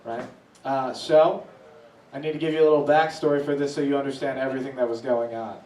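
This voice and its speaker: A man doing stand-up, telling a story with lively swings in his voice as he acts out reactions. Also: a little fast. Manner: animated, voices swing high when acting out reactions. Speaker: stand-up comedian. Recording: echoey room from a distance.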